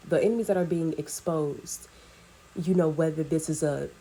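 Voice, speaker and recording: Husky woman delivering a spiritual message. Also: low voice. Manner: earnest, repetitive rhetorical questioning. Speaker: spiritual reader.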